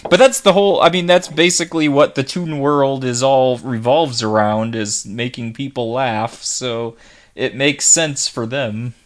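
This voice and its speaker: A man's voice: mid-range voice, fairly even intonation, measured pace. A man co-hosting a podcast, chatting casually and putting wry, teasing questions to the others. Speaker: podcast co-host. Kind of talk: casual chat.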